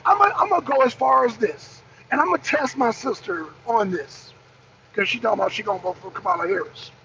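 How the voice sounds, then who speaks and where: A political livestream host, this woman has a slightly high, creaky voice. She presses her rhetorical questions emphatically and repeatedly while taking chat comments, and the recording sounds dull and lo-fi with faint noise.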